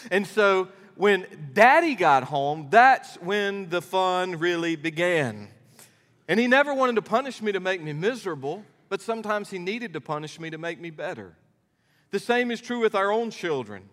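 In a church sanctuary with long reverb, a middle-aged pastor preaches at a normal speed in a high, lifted voice. He tells his stories as an animated, folksy, emphatic preacher.

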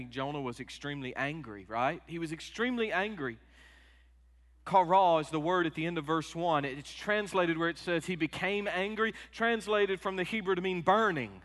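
A middle-aged man preaching a sermon, moving from quiet personal stories to loud, emphatic peaks. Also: a little high. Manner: emotional storytelling, rising to loud emphatic peaks. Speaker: pastor. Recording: long hall reverb.

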